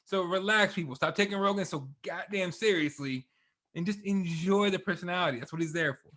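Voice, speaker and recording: A man's voice: high-pitched, fairly quick. A man hosting a casual sports podcast who rants loosely and swears often. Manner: profane, animated ranting. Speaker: podcast host. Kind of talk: casual chat.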